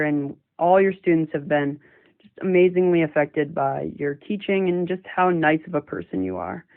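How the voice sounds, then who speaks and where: A man, a former student, sends a friendly, chatty message full of fond memories, wandering a little as he talks. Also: a little high. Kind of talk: recorded video tribute. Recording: tinny phone-like recording.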